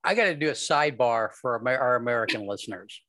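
A man co-hosting a podcast, chatting in an easygoing, joking way with quick asides. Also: mid-range voice, lively intonation, bright, forceful tone, a little hiss or hum. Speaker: podcast co-host. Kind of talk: casual chat.

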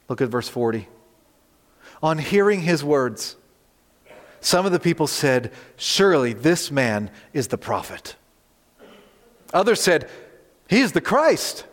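A man's voice: mid-range voice, big-room sound. A man preaching a sermon as pastor, speaking directly to his listeners and repeating key points with emphasis. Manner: earnest, direct appeals to listeners with emphatic repetition.

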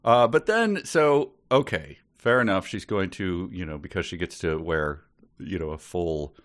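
A man's voice: low voice, animated, measured pace, a bit bright. A man co-hosting a podcast book discussion in casual chat, sarcastic and mock-indignant, laughing often. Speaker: podcast co-host.

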